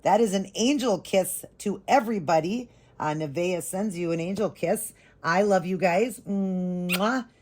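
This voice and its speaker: Low-voiced woman gushing over gifts. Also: moderate pace, a little mellow. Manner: gushing, sentimental, chatty. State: emotional, holding back tears. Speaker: vlogger unboxing a reborn doll. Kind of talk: casual unboxing vlog. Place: home doll nursery room.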